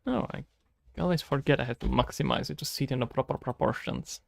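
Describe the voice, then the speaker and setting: A man's voice: mid-range voice, fast talker, gravelly, no echo, clean studio sound. A man from the Czech Republic, a native Czech speaker with a Czech accent, chatting casually and joking as he thinks aloud while streaming his game development. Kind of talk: casual livestream chat.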